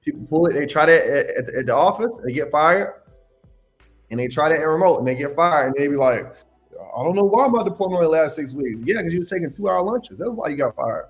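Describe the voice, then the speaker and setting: With soft music in the background, a man running a live question-and-answer stream on insurance adjusting scolds viewers and dispenses emphatic, blunt advice. His somewhat high voice is brisk with lively intonation.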